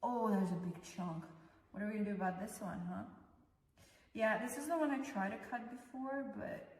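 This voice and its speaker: A woman's voice: mid-range voice, normal speed, darkish tone, far from the mic. Chatty young woman in echoey room. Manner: chatty, mixing English and Russian, fussing over her cat. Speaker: vlogger. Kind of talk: casual chat while grooming her cat.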